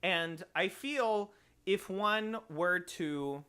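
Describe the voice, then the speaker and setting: A man teaching voice, slowly explaining notes and phrasing in a lesson. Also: high voice, pushed and bright, clear, resonant tone. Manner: explains slowly, sings short examples.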